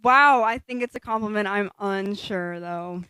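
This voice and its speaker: A woman's voice: medium pitch, unhurried, bright, forceful tone, slight background noise. A woman co-hosting a casual podcast, making wry remarks and laughing through them. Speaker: podcast co-host. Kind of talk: casual chat on a livestreamed podcast.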